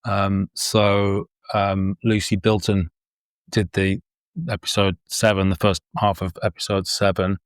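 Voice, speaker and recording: Man, low voice, dry close sound, casual interview guest, rambling with ums and restarts. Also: little pitch movement, unhurried, smooth, no room sound. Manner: rambling, repeats words, many ums. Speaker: filmmaker and paranormal investigator, podcast guest.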